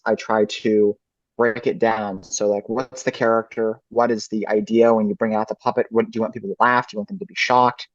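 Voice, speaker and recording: A man's voice: mid-range voice, no room sound. A man answering interview questions as a ventriloquist guest, reflective and thinking aloud. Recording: dull lo-fi dry recording.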